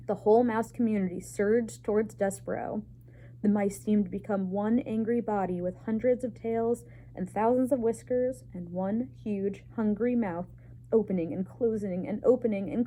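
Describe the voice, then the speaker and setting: A woman librarian reading a chapter book aloud to children with expressive storytelling. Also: mid-range voice, slight background noise.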